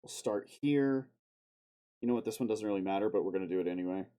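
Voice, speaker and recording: A man's voice: fairly low pitch, fast talker, warm tone. A man streaming live, talking to himself as he edits a video, swearing often and breaking into sudden outbursts. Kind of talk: casual self-talk while video editing on stream.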